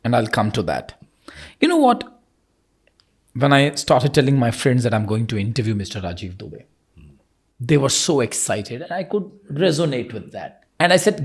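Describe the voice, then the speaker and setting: A man hosting an interview, asking earnest, expressive questions. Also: mid-range voice, moderate pace, husky. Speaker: podcast host.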